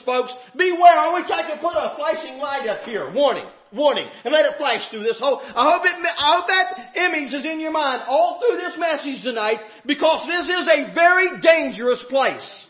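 A man preaching a sermon, impassioned and shouting at times, drawing out emphatic phrases. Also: extremely high pitch, expressive, normal speed, few pauses. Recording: echoey, dull hall recording.

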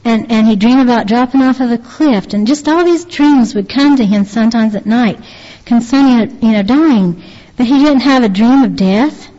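A woman earnestly retelling a religious testimony as a lay preacher, halting and restarting her sentences. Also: on the high side, mellow. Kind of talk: devotional storytelling. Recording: long reverb, dull lo-fi sound.

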